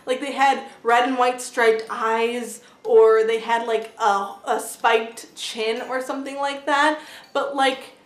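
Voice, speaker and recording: Chatty, slightly high-voiced woman in a roomy space. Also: steady tone, takes it slowly. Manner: chatty, heavy use of "like" fillers; blunt, swears freely. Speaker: book reviewer. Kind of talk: casual vlog book review. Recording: roomy echo.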